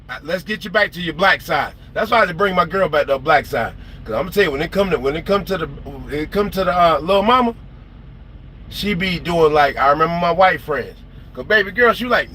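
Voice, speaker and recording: A man's voice: a little high, pushed and bright, a little hiss or hum. A man telling stories in a casual, profane rant on a porch, and he acts out the people he quotes. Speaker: trucker vlogger. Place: porch, outdoors.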